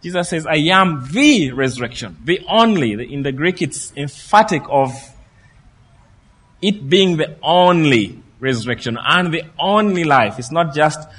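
Higher-voiced preacher, storytelling. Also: male voice, measured pace, husky, in a large hall. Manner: lively storytelling preacher who acts out the quoted speech. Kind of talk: sermon.

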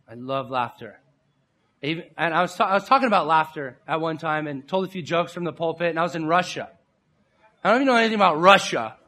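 A middle-aged man preaching a sermon, animated and playful, acting out other people's voices and laughs as he tells stories. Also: high-pitched.

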